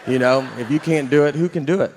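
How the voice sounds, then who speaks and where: A man performing a stand-up comedy set, telling stories in a deadpan, self-deprecating way. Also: on the high side, fast talker, long reverb tail, a little hiss or hum. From Southern United States.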